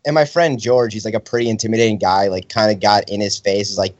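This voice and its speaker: A young man casually chatting as a podcast co-host, telling an animated story and acting out the people in it. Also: on the low side, fast talker, dry recording. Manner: animated storyteller, acts out quotes. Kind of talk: casual chat. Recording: dry, slightly dull sound.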